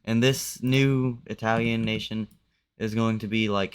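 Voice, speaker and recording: Male commentator, low and smooth, relaxed conversational narration of a simulation. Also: a little slow. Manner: loose, conversational, uses "like" a lot. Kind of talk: casual narration of a map simulation.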